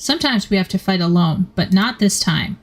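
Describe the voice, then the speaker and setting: A woman's voice: medium pitch, lively intonation, brisk, faint music behind. A woman reading out a game's determined young warrior princess in an earnest, rallying tone. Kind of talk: reading game dialogue aloud.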